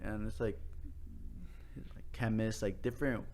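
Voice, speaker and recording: A man's voice: fairly low pitch, a little slow. Young man telling a rowdy story. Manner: animated, profane, quotes people in funny voices. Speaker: podcast guest. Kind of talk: casual storytelling chat.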